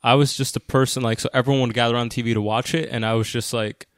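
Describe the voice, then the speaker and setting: A man co-hosting a casual podcast, playful and teasing, firing off quick questions. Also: medium pitch, fairly even intonation, clean tone, dry recording, studio quality. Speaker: podcast co-host. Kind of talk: casual chat.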